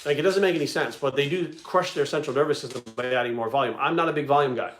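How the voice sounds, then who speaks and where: A man's voice: mid-range voice, fairly bright tone, a little hiss or hum. A man hosting a casual fitness livestream, talking bluntly with lots of swearing. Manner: blunt, profane, rapid talk.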